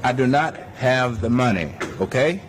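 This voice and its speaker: A man's voice: medium pitch, lively intonation, normal speed, noisy background. A man, a city councilman, angrily refusing questions in a news interview and repeating profane threats. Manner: angry, threatening, profane, repetitive.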